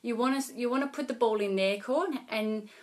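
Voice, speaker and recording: A woman's voice: fairly high pitch, a little fast. A young adult woman talking casually to camera, giving sales advice in a chatty way with many fillers and restarts. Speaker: network marketing vlogger.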